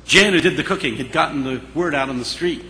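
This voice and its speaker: Gravelly, forceful male storyteller. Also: on the high side, fast. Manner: animated, dramatic storyteller. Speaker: speaker. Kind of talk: storytelling speech. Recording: long hall reverb, faint hiss.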